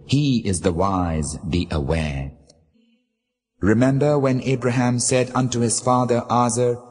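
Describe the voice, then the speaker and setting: A man giving a solemn, measured reading of scripture in a formal, unhurried manner. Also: lowish voice, a little mellow, slightly rough. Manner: slow, measured, formal delivery. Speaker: scripture reader. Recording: long reverb.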